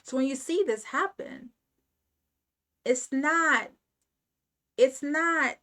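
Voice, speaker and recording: Woman doing a slow motivational pep talk, highish voice, keeps repeating herself, preachy. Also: pushed and bright. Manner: emphatic, repetitive, preaching. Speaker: channel host. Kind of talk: motivational self-help talk.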